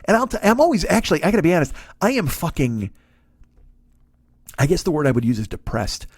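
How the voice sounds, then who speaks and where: A man's voice: fairly high pitch, big pitch swings, a little fast, husky, no echo, studio quality. A man in his forties, a comedian hosting his own podcast, ranting through a profane comedic monologue. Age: 40s. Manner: ranting, heavy swearing.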